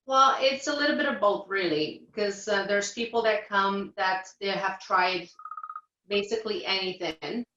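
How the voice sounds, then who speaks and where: A woman describes her work in a casual interview, loose and relaxed, with frequent ums and uhs. Her voice sits at a middle pitch. The recording sounds roomy and a little dull. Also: a little slow. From Portugal. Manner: relaxed, many fillers. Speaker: reflexologist guest.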